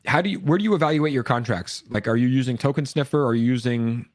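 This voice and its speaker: A man hosting a casual live stream chat, talking quickly with lots of filler words and animated asides. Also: mid-range voice, dry recording, studio quality. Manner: fast, animated, frequent "like" fillers. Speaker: livestream host. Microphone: streaming mic with voice effects board.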